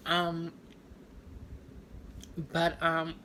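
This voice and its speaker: A woman telling a personal story to camera in a rambling, halting way, full of fillers. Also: on the low side, fairly bright tone, slight background noise. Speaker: storytime vlogger.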